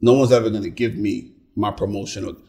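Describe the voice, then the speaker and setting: A man's voice: on the low side, steady tone, fast, mellow. A man in casual conversation, talking emphatically and asking rhetorical questions. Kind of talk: casual chat.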